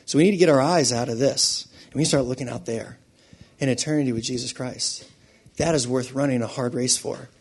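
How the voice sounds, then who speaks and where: A man preaching a sermon with animated delivery, swinging between loud emphasis and quiet asides and laughing often. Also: medium pitch, brisk, a little hiss or hum.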